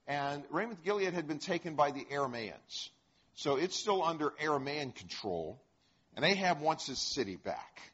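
A man teaching a Bible lesson, retelling the story in a conversational, animated way with chuckles. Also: fairly high pitch, moderate pace, slightly rough. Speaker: preacher. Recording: dull lo-fi recording.

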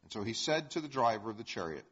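A man teaching a Bible lesson, retelling the story in a conversational, animated way with chuckles. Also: medium pitch, fast talker, slightly rough. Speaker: preacher. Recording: dull lo-fi recording.

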